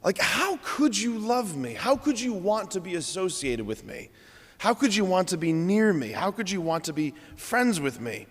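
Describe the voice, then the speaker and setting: A man's voice: high-pitched, big pitch swings, normal speed, long reverb tail. A man, a Catholic priest, giving an earnest, conversational homily in a church.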